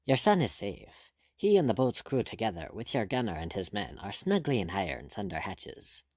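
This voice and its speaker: A man's voice: lowish voice, very animated, moderate pace, a little mellow, dry recording. A man voicing a sardonic, witty male pirate captain with dry, ironic courtesy, in an audiobook reading. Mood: coolly reasoning.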